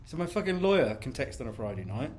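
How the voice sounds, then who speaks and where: A man's voice: mid-range voice, sing-song, quick pace, echoey room, background noise. A man rambling in a casual, sweary monologue from his home office, laughing often. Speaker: author and podcast host.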